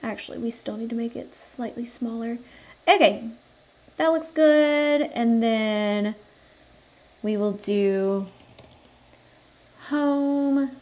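Slow-talking woman explaining step by step. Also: a little high. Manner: relaxed step-by-step explaining with thinking-aloud fillers. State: has the hiccups. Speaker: tutorial host. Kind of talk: screen-recorded software tutorial.

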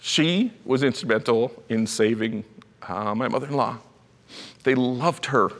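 A man's voice: medium pitch, a little slow. A middle-aged man preaching a sermon, telling stories animatedly and acting out the voices in them. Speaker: pastor. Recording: reverberant church hall.

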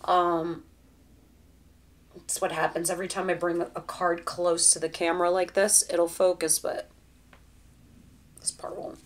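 A woman's voice: fairly low pitch, flat delivery, a little slow, slight background noise. Chatty woman giving a tarot reading. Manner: chatty, direct, talks straight to the viewer. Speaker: tarot reader. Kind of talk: casual tarot reading to camera.

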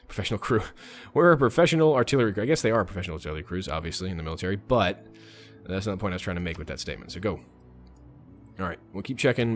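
A man hosting a let's play, chatting casually and muttering orders to his game units. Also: lowish voice. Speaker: gaming channel host.

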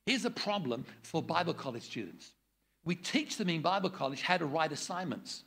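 A man's voice: fairly high pitch, animated, moderate pace, gravelly, fairly bright tone, husky. An older man running a preaching workshop, blunt and jokey, acting out different tones of voice as he teaches. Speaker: preaching trainer.

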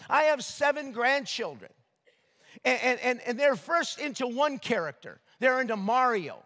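High-voiced older man preaching. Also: moderate pace, long reverb tail. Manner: lively, joking, asks the crowd questions. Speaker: pastor. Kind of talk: sermon. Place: church sanctuary.

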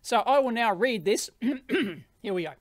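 A man's voice: very high voice, lively intonation, a little slow, no room sound, clean studio sound. A man with an Australian accent hosting an electronics video, talking casually and bluntly and laughing often. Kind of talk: casual commentary.

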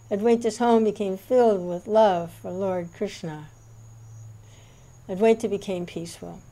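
Mellow-voiced woman reading scripture. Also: medium pitch. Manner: measured, reverent narration. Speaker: reader.

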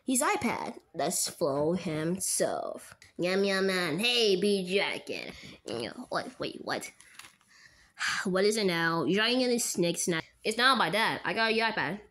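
A woman's voice: fairly low pitch, sing-song, slow pace, fairly bright tone, a little hiss or hum. A woman voicing every character in a goofy plush toy skit, switching between silly squealing voices.

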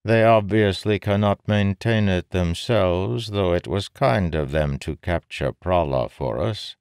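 A man voicing a sly, amused male king who bargains with calm, needling persuasion in an audiobook. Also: low voice, measured pace, dry recording, studio quality, voice pushed up. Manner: smooth, needling, calmly persuasive. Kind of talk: audiobook character voice.

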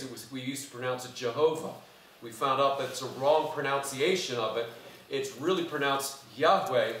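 A man's voice: on the high side, fairly bright tone, slight background noise. A man preaching a conversational sermon in a church, quizzing the congregation as he goes. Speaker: pastor. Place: church sanctuary. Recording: echoey church from far off.

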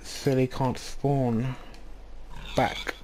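A man casually commenting on his own gameplay, rambling and excitable, often restarting sentences. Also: medium pitch, drawn-out words, noisy background. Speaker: gaming channel host.

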